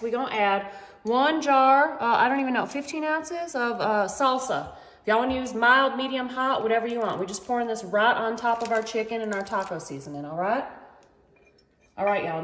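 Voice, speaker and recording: A woman's voice: on the high side, reverberant, a little hiss or hum. A woman hosting a casual home cooking video, chatty and self-joking, calling her viewers "y'all.". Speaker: home cooking channel host. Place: home kitchen.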